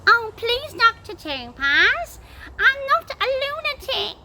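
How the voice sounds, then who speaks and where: Frantic imprisoned steward, pleading, high and wavering, as a woman puts him on. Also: animated, unhurried, very noisy. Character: locked-up male steward, pleading and desperate.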